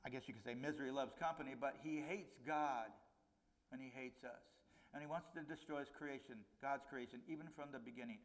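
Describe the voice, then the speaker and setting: A middle-aged man preaching a conversational sermon, his voice rising on key points and dropping low on warnings. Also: a little fast. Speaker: pastor.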